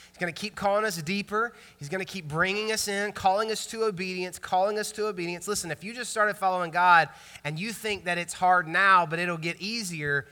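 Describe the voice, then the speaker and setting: A man in his thirties, a pastor preaching a sermon in a lively, conversational storytelling way. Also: sits high, smooth. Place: church sanctuary. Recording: long reverb church hall.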